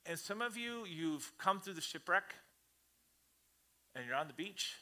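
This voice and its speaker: A man preaching a sermon to his church congregation in an animated, conversational way, often acting out the voices he quotes. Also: high voice, unhurried. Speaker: pastor. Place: church service before a congregation.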